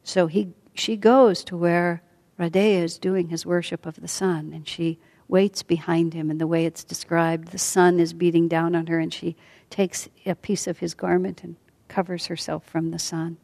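A woman teaching a class as a storyteller, speaking softly and often sinking to a near whisper. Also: on the low side, flat delivery, normal speed, vocal fry. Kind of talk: storytelling lesson.

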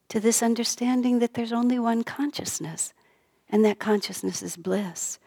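A middle-aged woman giving a sermon, speaking gently and dropping to a soft whisper on key lines. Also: medium pitch, unhurried, creaky, breathy edge. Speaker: spiritual teacher.

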